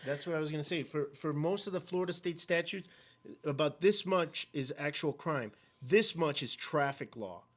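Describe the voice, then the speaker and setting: A man's voice: on the high side, normal speed. Emphatic, opinionated man. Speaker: guest, fellow activist. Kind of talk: casual conversation.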